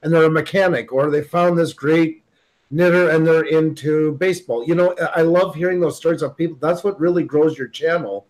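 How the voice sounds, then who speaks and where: A man with a slightly high voice, talking eagerly on a video call during a casual live stream. He speeds up when he gets excited about an idea. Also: low-quality recording. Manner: enthusiastic, talks fast when excited. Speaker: guest creator.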